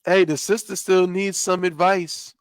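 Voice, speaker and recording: A man's voice: high-pitched, steady tone, crowd noise. A man hosting a podcast, throwing in hype interjections and asking a guest for advice. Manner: hype interjections, slow drawn-out delivery. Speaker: podcast host.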